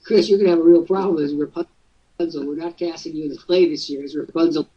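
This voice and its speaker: Male host, husky and high-voiced, jokey coaching talk; dull distant webcast sound. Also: fairly even intonation, fast talker, dark tone. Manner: jokey, teasing, breaks into mock voices.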